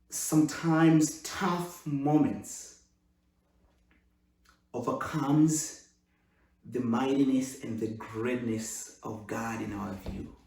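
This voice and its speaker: A man preaching a sermon as pastor, swinging between loud exclamations and hushed, intimate speech. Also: mid-range voice, gravelly, a little hiss or hum. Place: church sanctuary. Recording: echoey room, far from the mic.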